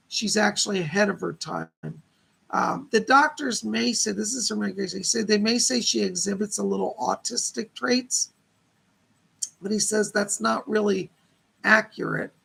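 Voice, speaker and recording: Gravelly, husky-voiced man giving psychic readings. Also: sits high, sharp tone. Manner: chatty, relays spirit messages and reads viewer questions aloud. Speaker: psychic medium host. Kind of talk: live-stream psychic readings.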